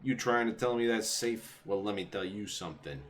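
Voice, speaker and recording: A man's voice: on the low side, normal speed, fairly bright tone, slight background noise, close to an everyday voice. A man voicing a boastful tough-guy warehouse guard in a video game, with a put-on Italian-American gangster accent and a threatening, bragging manner. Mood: swaggering. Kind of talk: reading game dialogue aloud. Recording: game music behind. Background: video game music.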